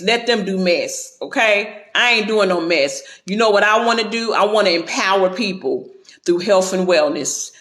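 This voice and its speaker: A man's voice: high voice, a bit bright, echoey room. A man hosting a casual livestream, chatty and encouraging, talking straight to his viewers and weaving faith into his talk. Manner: sprinkles talk with faith and praise. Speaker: livestream host. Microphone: phone, going live.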